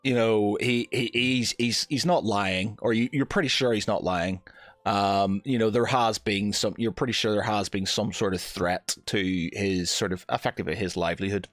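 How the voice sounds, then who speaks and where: A man's voice: lowish voice, fairly even intonation, moderate pace, a bit bright, no room sound. A man acting as game master, narrating casually with lots of fillers and restarts. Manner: rambling, filler-heavy, self-correcting.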